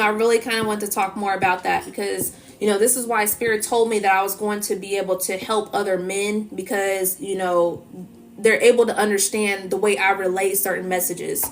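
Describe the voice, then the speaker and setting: A woman's voice: mid-range voice, fairly even intonation, normal speed, a little hiss or hum. A woman talking to her viewers as a spiritual energy reader in a casual, emphatic monologue full of "you know" and "so it's like". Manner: emphatic, repetitive fillers.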